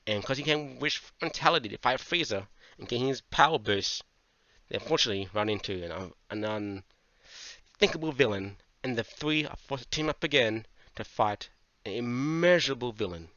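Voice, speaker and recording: A man's voice: mid-range voice, moderate pace, no room sound. Guy ranting about a manga, swears a lot, dull dry lo-fi mic. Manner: animated, swears a lot, goes on tangents. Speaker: manga reviewer. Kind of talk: casual review monologue.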